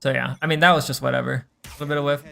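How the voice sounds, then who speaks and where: A young man with a gravelly, creaky edge talks through gameplay on a stream, coaching in a loose, unhurried way. He thinks aloud, trails off into fillers and drops the occasional swear. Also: medium pitch, steady tone, fairly bright tone. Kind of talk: casual gameplay review.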